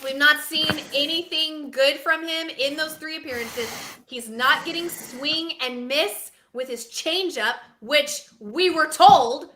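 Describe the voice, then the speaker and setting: A woman co-hosting a casual sports podcast, talking in a dramatic, animated, self-mocking way. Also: high voice, slow, reverberant, a little hiss or hum. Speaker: podcast co-host.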